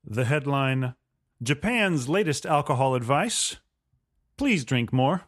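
A man's voice: mid-range voice, animated, takes it slowly, no room sound, studio quality. A man co-hosting a comedy podcast, reading a news story aloud and breaking off for wry jokes. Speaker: podcast co-host.

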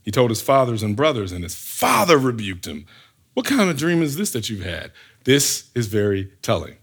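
Animated preacher man, lively pitch. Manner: animated, fires rhetorical questions, acts out scenes. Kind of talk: sermon.

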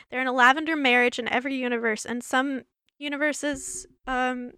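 A woman's voice: a little high, fairly even intonation, brisk, bright, forceful tone, clear, resonant tone, no echo. Female podcast host, giggly rambling chat, tired worn-out voice, dry close-miked sound. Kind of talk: casual solo podcast chat.

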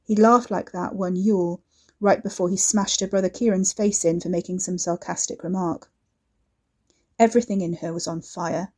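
A woman narrating a serialized fiction story in a steady, measured way. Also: on the low side.

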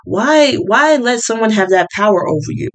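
A woman's voice: a little high, animated, moderate pace, rough recording. A woman hosting a casual monologue, chatty and opinionated, with many fillers and restarts. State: partly deaf.

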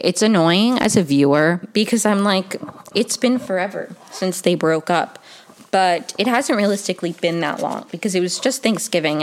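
Low-voiced young woman recapping a show. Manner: chatty, says "like" often, quick quoting asides. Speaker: TV recap reviewer. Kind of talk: casual episode recap.

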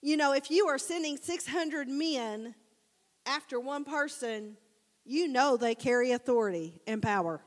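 A woman preacher giving a casual, animated sermon, telling the story conversationally and addressing the congregation as guys. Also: high voice, measured pace. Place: church sanctuary. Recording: long church hall reverb.

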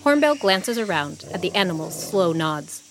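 A woman narrating a scripted children's story in an expressive, animated way. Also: lowish voice, moderate pace. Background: music.

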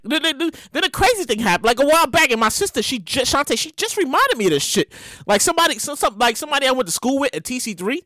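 A woman in her thirties with a New York accent, hosting a comedic podcast monologue from home, animated and excitable, repeating herself and breaking into shouts. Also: sits high, fast talker, no echo, clean studio sound. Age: 30s. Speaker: podcast host. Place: home, seated in a chair. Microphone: podcast microphone.

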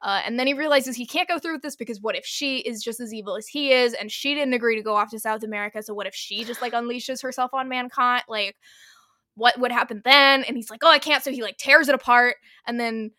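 A woman with a bright, fairly high voice retells a story in casual podcast chat. She talks animatedly, full of "like" and quick asides, on a close, dry mic. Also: dry recording. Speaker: podcast co-host.

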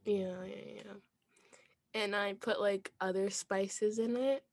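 A young woman co-hosting a podcast, telling stories in animated, giggly casual chat. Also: medium pitch, takes it slowly, vocal fry. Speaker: podcast co-host.

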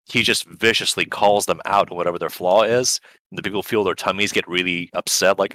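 A man co-hosting a podcast in casual chat, animated and breaking into high excited emphasis, speaking English as a second language. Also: a little fast, no room sound. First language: not English. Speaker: podcast co-host.

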